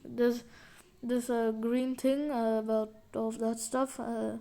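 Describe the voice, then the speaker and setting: A woman's voice: fairly high pitch, level tone, slow, mellow. A woman giving casual gaming commentary, rambling and hesitant with many fillers and restarts. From India. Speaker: gaming video creator. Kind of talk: casual game update commentary.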